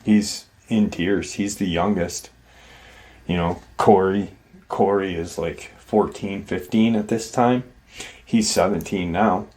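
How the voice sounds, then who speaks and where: A man's voice: sits low, steady tone, slow, darkish tone. A man hosting a paranormal channel, casually retelling an encounter story in a rambling, conversational way. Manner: rambling and conversational, many "like" and "you know".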